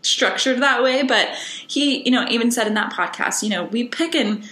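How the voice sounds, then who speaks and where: A woman's voice: a little high, normal speed, a bit bright, echoey room, poor audio. A woman hosting a podcast, chatting casually in a rambling way with lots of fillers. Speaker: podcast host. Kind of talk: casual interview chat.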